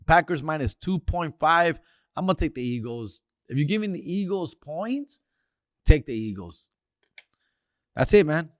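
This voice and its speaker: A man rants about sports in a loose, profane street drawl, tossing in Spanish slang. His voice sits a bit high for a man. The sound is dry and close, with no room around it. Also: animated, a little slow, pauses often, dry recording. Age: older. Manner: slangy, profane, mixes Spanish words into English. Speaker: comedian hosting a sports segment. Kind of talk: casual sports rant.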